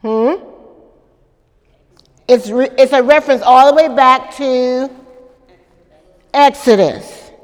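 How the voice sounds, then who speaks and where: A woman's voice: high-pitched, fairly even intonation, slow pace, long pauses, in a large hall. A woman pastor preaching a sermon at a church service, with dramatic call-and-response to the congregation.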